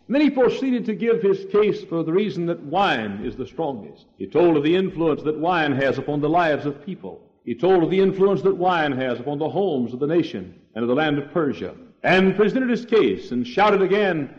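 A man preaching an old-fashioned sermon, repeating his points and rising to shouts on key words. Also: a little high. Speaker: pastor. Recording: dull lo-fi 1968 sermon tape.

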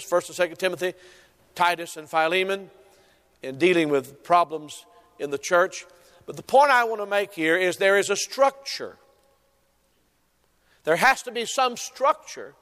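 A man's voice: sits high, a bit bright. A man preaching a sermon as pastor, emphatic, repeating key phrases and stretching out stressed words. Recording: long hall reverb.

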